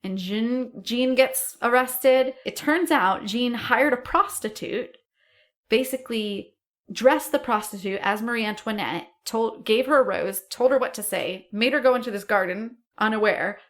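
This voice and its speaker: A woman co-hosting a podcast, telling a history story in a casual, animated way, acting out quotes and swearing now and then. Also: on the high side, unhurried. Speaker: podcast co-host.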